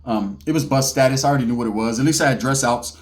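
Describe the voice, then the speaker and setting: A man's voice: mid-range voice, rapid-fire. A middle-aged man from California, a former inmate, telling a story in casual street slang with punchy sound effects.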